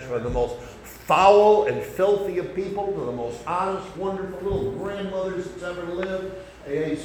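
A man preaching a sermon, folksy and conversational, swinging between loud emphasis and soft asides. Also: a little high, reverberant, a little hiss or hum, rough recording.

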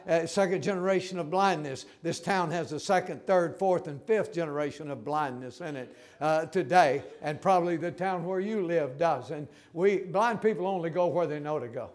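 Emphatic high-voiced preacher man. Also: normal speed. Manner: folksy, emphatic preaching with repeated words and stammered restarts. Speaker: pastor. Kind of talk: sermon.

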